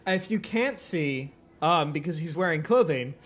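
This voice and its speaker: A man's voice: fairly high pitch, lively intonation, a little slow, fairly bright tone. A man hosting a live comedic podcast in a bar, often breaking into laughter. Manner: laughs often between remarks. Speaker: podcast host.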